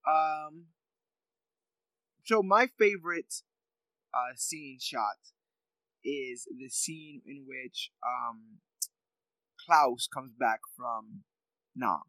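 A man's voice: mid-range voice, drawn-out words, long pauses, no room sound, poor audio. Rambling man in dry close sound. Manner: rambling, animated, lots of fillers and laughs. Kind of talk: casual chat.

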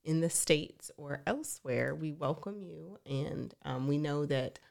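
Low-voiced woman hosting a podcast. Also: a little slow, vocal fry, darkish tone. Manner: welcoming, steering the talk with questions. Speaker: podcast co-host.

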